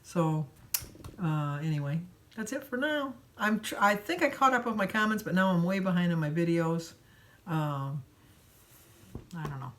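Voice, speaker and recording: A woman's voice: on the low side, animated, normal speed, pauses often, a bit bright, slight background noise. An older woman from Michigan telling a long, rambling everyday story as a vlogger. She chats casually and laughs between sentences. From Michigan, USA.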